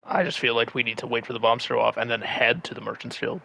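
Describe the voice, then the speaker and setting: A man's voice: medium pitch, fast talker, vocal fry, pushed and bright, dry recording, rough recording. A man playing in a tabletop game, planning bluntly and swearing casually. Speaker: player.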